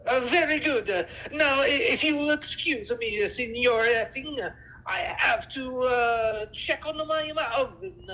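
Woman playing a stammering phony chef, mock foreign accent, high voice, slow, muffled sound. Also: sharp tone, roomy sound. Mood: flustered. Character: bumbling man faking an Italian chef. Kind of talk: play read-through.

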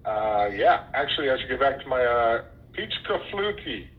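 A man playing a rough gangster henchman with gruff, slangy talk. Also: mid-range voice, sing-song, normal speed, lightly acted. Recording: muffled, roomy recording.

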